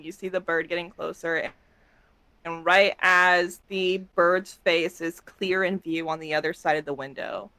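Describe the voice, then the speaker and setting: A woman's voice: lowish voice, fairly bright tone, dry recording. A woman narrating as game master of an online tabletop game. She describes scenes in detail, with fillers and small restarts.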